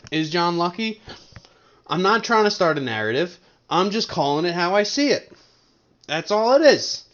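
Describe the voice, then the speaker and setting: A young man from Colorado sits at a desk with a webcam, hosting a casual fantasy league recap to camera. He rambles, jokes, and teases his friends in a high voice, and the recording's highs are cut off.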